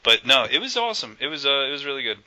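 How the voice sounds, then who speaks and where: Bright-voiced man rambling on a podcast. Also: medium pitch, big pitch swings, rapid-fire, rough recording. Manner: rambling, jokey, lots of fillers and restarts. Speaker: podcast co-host. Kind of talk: casual gaming podcast chat.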